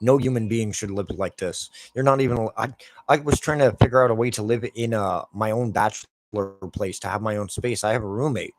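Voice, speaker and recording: A man's voice: on the low side, fairly quick, background noise. A man in his forties, a gaming YouTuber, ranting casually and swearing constantly while he plays. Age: 40s.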